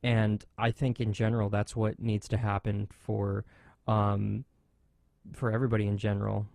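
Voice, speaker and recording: A man's voice: fairly low pitch, normal speed, vocal fry, no echo. A man hosting a motorsports talk radio show, chatting casually and animatedly with lots of fillers and restarts. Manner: animated, rambling with frequent fillers.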